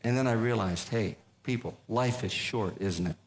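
A man's voice: lowish voice, moderate pace. Older man telling a comic story. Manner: conversational, with timed deadpan punchlines. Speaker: comedic speaker. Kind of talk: humorous storytelling to a live audience.

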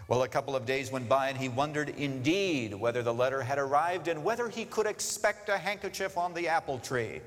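A man's voice: mid-range voice, a little fast, hardly any pauses. A man preaching a sermon, telling stories with expression and giving the characters their own voices as he urges his listeners. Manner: expressive storytelling, voicing characters, urging listeners. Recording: long reverb of a large hall.

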